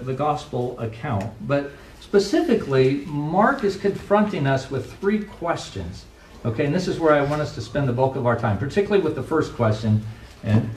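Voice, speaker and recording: A male pastor giving a conversational sermon, asking rhetorical questions and acting out quoted lines. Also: mid-range voice. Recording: echoey room from far off, faint noise.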